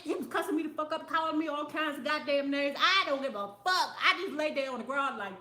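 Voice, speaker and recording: A high-pitched woman talks straight to her audience, swearing freely and laughing through her own stories. She is a show host answering viewer comments in a loose, lively monologue. Her voice rings off the walls of an echoey room. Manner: animated, profane, storytelling, quick to laugh. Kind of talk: casual talk show monologue.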